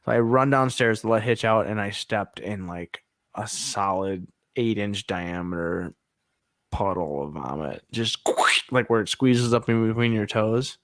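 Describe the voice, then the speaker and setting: A man's voice: fairly low pitch, a little slow, no room sound. Rambling storytelling man, dry mic. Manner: rambling storytelling, laughs often. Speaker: podcast co-host. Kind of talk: casual chat.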